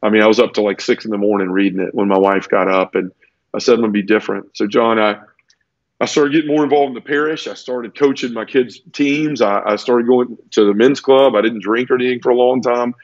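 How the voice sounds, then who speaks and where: A man with a medium-pitched, fairly even voice speaks briskly, earnestly telling his personal conversion story in a conversational interview and tumbling through it with restarts. The recording has no echo and the highs are cut off.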